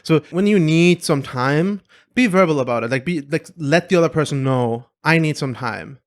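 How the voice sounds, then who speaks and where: A man's voice: on the high side, normal speed. A man co-hosting a podcast, explaining his views in a thoughtful, casual way with frequent restarts. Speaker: podcast co-host. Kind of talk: casual conversational chat.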